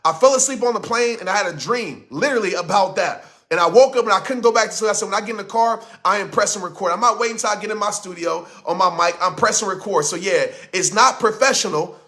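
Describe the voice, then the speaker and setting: Forceful, high-voiced motivational speaker man. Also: fast talker, few pauses. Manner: emphatic, preachy, repeats lines for effect. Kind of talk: motivational speech. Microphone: studio microphone.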